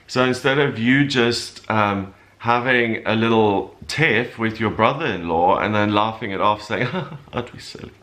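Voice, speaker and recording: Low-voiced man reading weekly horoscopes. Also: measured pace, hardly any pauses. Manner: explains calmly with loose, rambling asides. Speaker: astrologer giving a weekly horoscope. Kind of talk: casual spoken forecast.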